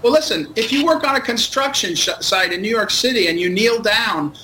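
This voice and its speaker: A man arguing as a commentator on a news panel, insistent and quick to interrupt. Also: high voice, animated, sharp tone, slight background noise, rough recording. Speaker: political commentator. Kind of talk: heated cable news debate.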